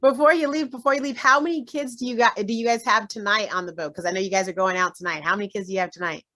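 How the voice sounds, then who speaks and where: A woman's voice: medium pitch, steady tone, fast, pushed and bright. A woman hosting an interview show, upbeat and chatty as she asks questions and promotes the show. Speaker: host.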